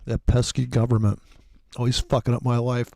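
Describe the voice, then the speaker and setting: Gravelly, profane man chatting. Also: medium pitch, completely flat delivery, moderate pace, dark tone, dry recording. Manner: profane, rambling storyteller. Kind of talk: casual chat.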